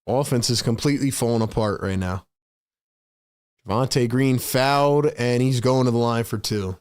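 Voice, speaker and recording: A man's voice: medium pitch, normal speed, a little mellow, clean tone. A man doing live play-by-play for his own fan stream, calling the action and ranting in frustration between plays. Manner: sighs and rants between calls.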